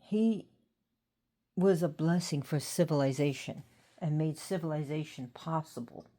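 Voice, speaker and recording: Slow, low-voiced woman, tired and rambling. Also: dark tone. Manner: rambling, unhurried, pauses to think. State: tired, yawning. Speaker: host of a mythology talk. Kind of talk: casual talk to camera.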